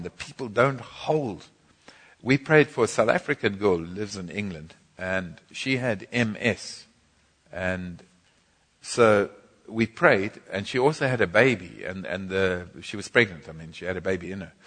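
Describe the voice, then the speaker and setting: Low-voiced man preacher, storytelling sermon with jokes, husky tone, reverberant church hall. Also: fairly bright tone. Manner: storytelling, jokey asides. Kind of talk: sermon teaching.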